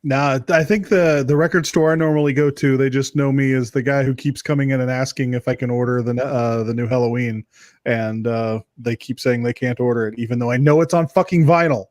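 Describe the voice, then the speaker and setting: Brief: relaxed man co-host, dry sound, halting casual talk. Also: mid-range voice, no echo. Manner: laid-back, halting, with fillers and swearing. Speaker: podcast co-host. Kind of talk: casual chat.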